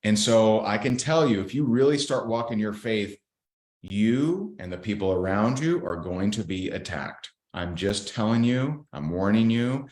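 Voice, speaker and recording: A man's voice: lowish voice, animated, unhurried, a little mellow. A man guest on a podcast, candidly telling a faith story in an earnest, blunt way. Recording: roomy echo.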